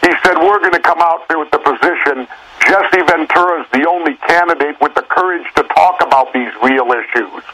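A man's voice: fairly high pitch, brisk, pushed and bright, slight background noise, rough recording. Plain-spoken man on talk radio. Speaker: guest, former governor. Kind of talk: political talk show conversation.

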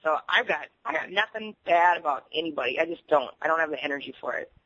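बेबाक, हँसमुख महिला मेहमान, दबी रेडियो आवाज़. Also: female voice, sits low, fast, breathy edge. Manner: animated, laughing storyteller. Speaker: guest. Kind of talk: candid interview chat. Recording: muffled radio audio.

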